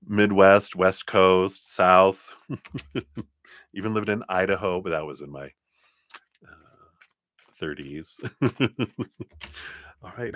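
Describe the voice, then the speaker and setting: Deep-voiced chatty man reading tarot. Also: smooth, dry recording. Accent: slight Southern drawl. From Colorado, USA. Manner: chatty, rambling, with soft laughs and brief muttering asides. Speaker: tarot reader. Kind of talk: live-stream tarot reading.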